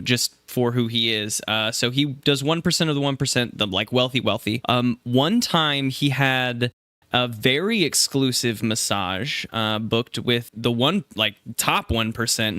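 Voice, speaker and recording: A man's voice: medium pitch, unhurried, pushed and bright, no echo, clean studio sound. A man playing a tabletop game, chatting casually about his character with a rambling, self-correcting manner full of fillers.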